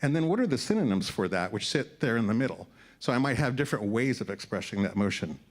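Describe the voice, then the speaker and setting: A conference presenter walks a live audience in an event room through his slides in an upbeat short-format tech presentation. He speaks fast, with a medium-pitched, sing-song voice.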